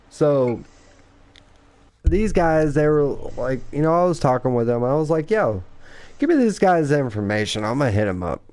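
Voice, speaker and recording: A man's voice: mid-range voice, a little mellow, no room sound. A man hosting a casual podcast, telling a gaming story with lots of swearing and mocking quoted voices. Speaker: podcast host and clan recruiter.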